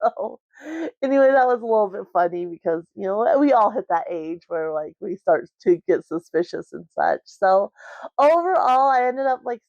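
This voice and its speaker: A woman's voice: mid-range voice, lively intonation, moderate pace, darkish tone, dry recording. A woman vlogger chatting casually about a book at home, rambling with lots of "like" and "um". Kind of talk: casual book review chat. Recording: dry, slightly muffled recording.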